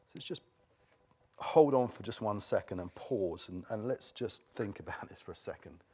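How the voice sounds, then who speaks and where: A man's voice: on the low side, lively intonation, moderate pace, dark tone, husky. A middle-aged man preaching a sermon, emphatic and repeating key words for stress.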